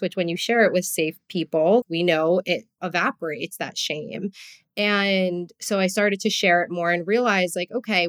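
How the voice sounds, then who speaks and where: Expressive woman with a New Jersey accent. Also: on the low side. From US East Coast. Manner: expressive, heartfelt, frequent "like" fillers. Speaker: podcast host. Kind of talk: casual podcast conversation.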